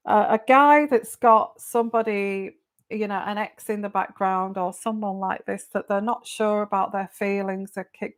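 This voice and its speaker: A woman doing a live-stream tarot reading. She greets viewers by name and repeats their questions aloud in a chatty way. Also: mid-range voice. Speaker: tarot reader.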